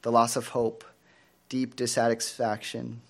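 A man preaching a sermon in an earnest, measured way, asking the congregation rhetorical questions. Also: medium pitch, completely flat delivery, vocal fry.

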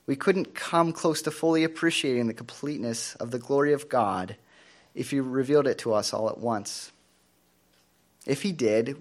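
Earnest male preacher delivering a sermon. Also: medium pitch. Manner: earnest, measured preaching with rhetorical questions.

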